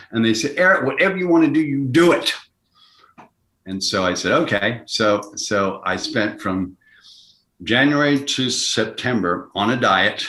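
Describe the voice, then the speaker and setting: An older man, an actor guest on an interview show, telling a story with halting restarts and acting out the people he quotes in higher, louder voices. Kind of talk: anecdotal storytelling. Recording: roomy echo.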